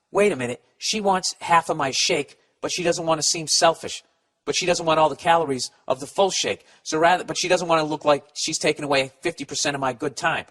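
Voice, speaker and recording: A man's voice: a little high, fast talker, fairly bright tone. A man hosting a comedy podcast, answering listener letters in a blunt, profane, rambling rant and stumbling while he reads them aloud. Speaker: podcast host giving advice. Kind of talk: casual comedic advice rant.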